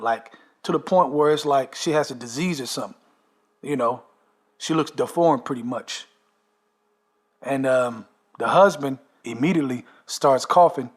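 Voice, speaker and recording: A man telling a long story in a casual, emphatic way, often tagging his sentences with "man" and "okay". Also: mid-range voice. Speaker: storyteller recounting a dream. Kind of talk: casual monologue.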